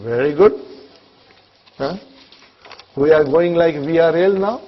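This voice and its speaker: A man teaching an Arabic class, slowly drilling pronunciation with students and encouraging them between phrases. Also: fairly high pitch, muffled recording. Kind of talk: classroom lesson with live students.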